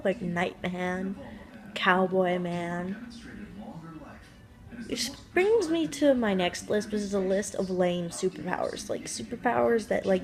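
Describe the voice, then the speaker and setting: A woman vlogger talks in a loose, rambling way, cracking jokes and trailing off mid-thought. Her voice sits at an ordinary middle pitch. Music plays clearly behind her. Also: poor audio. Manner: rambling, jokey, trails off and muses aloud. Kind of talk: casual monologue.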